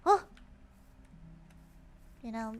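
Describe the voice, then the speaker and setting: A woman streamer chatting playfully while gaming, repeating phrases with exaggerated emphasis. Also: extremely slow. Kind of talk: casual game livestream chatter.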